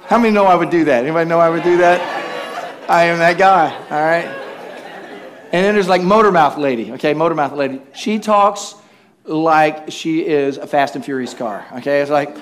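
High-voiced, animated preacher man. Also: moderate pace, a faint crowd. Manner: animated storytelling, acts out quoted voices with humor; asks the congregation for responses. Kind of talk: sermon.

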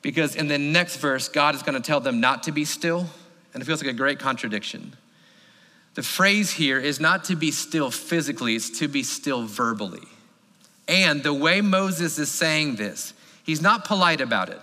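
A man preaching a sermon as pastor, emphatic and animated. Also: a little high, normal speed. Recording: long reverb of a large hall.

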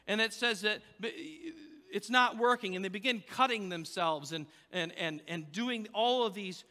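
A man gives a sermon in a bright, fairly high voice, telling the story casually with lots of fillers and restarts. His words ring out with a long reverb, as if from the front of a church hall. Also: a little slow. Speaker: pastor.

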